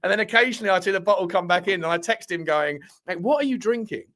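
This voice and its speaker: A man's voice: high voice, fast talker, fairly bright tone. A man hosting a casual live chat, rambling, bantering with viewers and laughing often. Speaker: livestream host reading chat.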